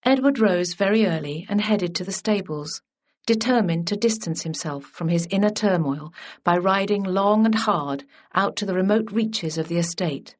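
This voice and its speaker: A woman reading a historical romance as scripted narration in an even, measured way. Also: on the low side. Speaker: audiobook narrator.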